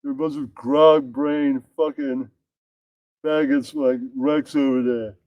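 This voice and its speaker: A man voicing an awkward male stand-up comic who tells crude jokes in a low deadpan. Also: slow, no echo, highs cut off, close to an everyday voice.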